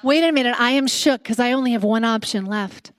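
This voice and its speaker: A woman's voice: a little high, a little fast. A Canadian woman hosting a comedy podcast live on stage, delivering a brash, sarcastic, playful monologue. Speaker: podcast host. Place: stage before a live audience.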